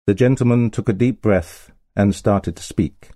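Low, mellow male storyteller. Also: measured pace, dry recording, clean studio sound. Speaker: narrator. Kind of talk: storybook reading.

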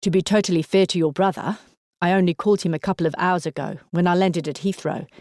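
A serious South African man speaks in a measured, sombre way, voiced by a woman narrator. His tone stays low and mellow, with a dry, close sound. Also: fairly even intonation, no room sound, lightly acted.

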